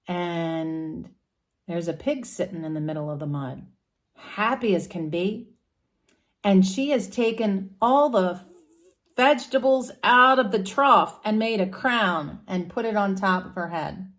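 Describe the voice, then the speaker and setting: A woman narrating astrology as a casual story about animals. She takes her time and talks slowly. Her pitch sits in the middle range. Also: expressive, fairly bright tone. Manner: casual, with animal characters and fillers. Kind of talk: storytelling explanation.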